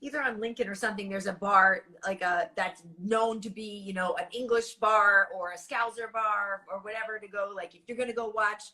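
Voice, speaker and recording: A woman's voice: medium pitch, fairly even intonation, bright, forceful tone. A woman host asking a guest questions in a casual interview, using filler words like "like" and "you know". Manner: friendly, quick follow-up questions, "like" fillers.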